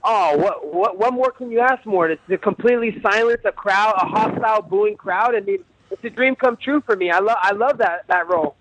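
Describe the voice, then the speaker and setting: A man's voice: sits high, brisk, noisy background. A man guesting on a podcast as a fighter, talking brash and boastful. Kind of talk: interview.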